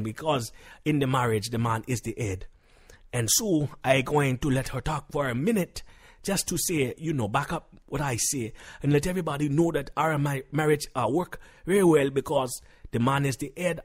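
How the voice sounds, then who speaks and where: A man playing a boastful, hot-tempered Jamaican husband calling a comedy radio show, with a Jamaican accent, preaching in broken grammar and flaring into shouts. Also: medium pitch, slightly rough, natural voice. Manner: flares into shouting. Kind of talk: comedy radio call-in sketch.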